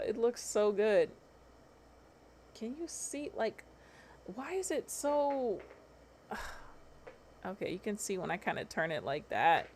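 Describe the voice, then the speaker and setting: A woman hosting a casual livestream, talking in a chatty, slangy way and swearing freely. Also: medium pitch. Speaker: livestream host.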